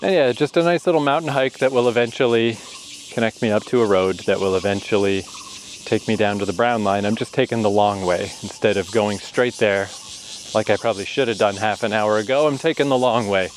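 A man's voice: lowish voice, fairly quick, slight background noise, low-quality recording. Sweaty man grumbling on a hiking trail. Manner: chatty, swearing, self-mocking grumbling. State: sweaty and short of breath from heat. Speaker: vlogger. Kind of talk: casual vlog narration while hiking. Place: outdoors on a forest hiking trail.

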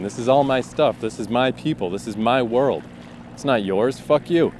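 A man's voice: on the low side, a little mellow, slight background noise. A man, a fiction writer, talks casually about his writing, thinking aloud and acting out his characters' lines.

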